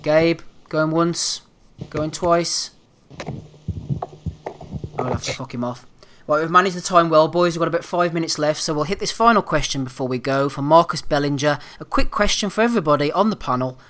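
A man's voice: fairly high pitch, moderate pace, fairly bright tone, a little hiss or hum. A man hosting a casual boxing podcast, swearing freely and moving the chat between segments. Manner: swearing, laughing, runs the segments. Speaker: podcast host.

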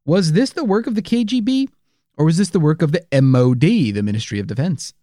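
Jokey, lively, slightly high podcast man. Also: brisk, no room sound, clean studio sound. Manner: jokey, playful narration. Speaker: podcast co-host. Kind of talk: casual true-crime podcast chat.

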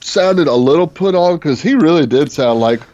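A man's voice: on the high side, animated, moderate pace, a little mellow, no echo. Agreeable male co-host, dull lo-fi sound. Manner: agreeable, short replies and stuttered starts. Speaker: podcast co-host. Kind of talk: casual TV episode discussion. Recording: dry, muffled lo-fi audio.

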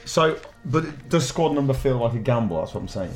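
A man's voice: mid-range voice, animated, fairly quick, soft background music. A man on a quiz show, cautiously arguing with his partner for the safe option. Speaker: quiz contestant. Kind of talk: casual banter.

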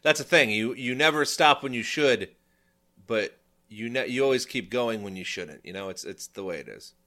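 A man's voice: mid-range voice, animated, moderate pace, sharp tone. A man co-hosting a podcast in casual, rambling chat, often restarting sentences and chuckling. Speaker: podcast co-host.

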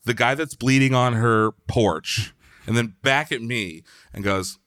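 A man's voice: medium pitch, a little slow, a bit bright, dry recording, studio quality. A man from Philadelphia, a podcast guest, telling a long story in a loose, chatty way, full of "like" and the odd swear word. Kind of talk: casual storytelling.

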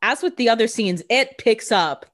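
A woman's voice: a little high, expressive, normal speed. A woman co-hosting a podcast, chatting casually about a TV episode, often restarting and repeating words. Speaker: podcast co-host. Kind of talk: casual TV episode recap chat.

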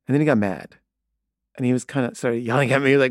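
A man's voice: medium pitch, fast talker, dry recording, clean studio sound. A man telling a personal story in a casual, conversational way, retelling a conversation line by line.

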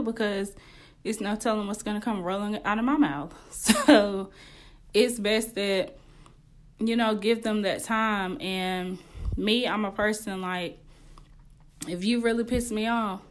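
A woman's voice: mid-range voice, measured pace. A young woman hosting a podcast, giving casual relationship advice in a candid, slangy way and laughing often. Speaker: podcast host.

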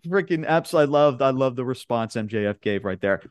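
A man's voice: mid-range voice, moderate pace, clean tone, dry recording, clean studio sound. A young man from Long Island, casually recapping wrestling promos on a podcast and acting out the quotes with laughs. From Long Island, New York. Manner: animated retelling, quoting wrestlers with laughs. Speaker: podcast host.

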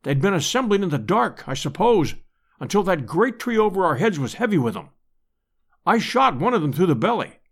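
A man's voice: high voice, big pitch swings, fairly quick, exaggerated voice. A man voicing a brash, hardy English adventurer lord in an audiobook, with clipped, urgent commands. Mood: grim. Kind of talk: audiobook character voice.

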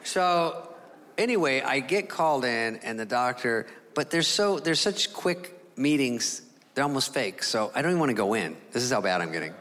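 Animated stand-up comic in a big hall. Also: male voice, mid-range voice, moderate pace. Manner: animated, mimics voices, sound effects. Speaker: stand-up comedian. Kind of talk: stand-up comedy. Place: comedy stage before an audience. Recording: live in a hall with crowd laughter.

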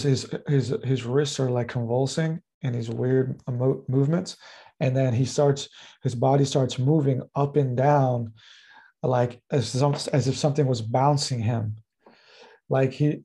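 Man, podcast guest, gravelly voice, rambling casual storytelling, lots of fillers. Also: mid-range voice, warm tone. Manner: rambling, heavy use of fillers like "like" and "uh".

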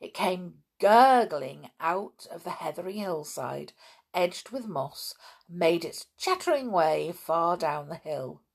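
A woman reading a children's storybook aloud with expressive, dramatic narration. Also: fairly low pitch, takes it slowly, creaky, slightly rough.

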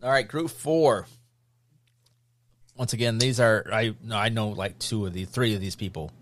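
A man hosting a casual podcast chat, briskly leading the talk and reading out lists. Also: lowish voice. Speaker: podcast host.

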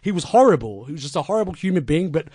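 A man, a wrestling manager guest, telling stories in a crude, deadpan, boastful way full of swearing. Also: a little high, racing, no room sound, clean studio sound. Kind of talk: casual storytelling in a podcast interview.

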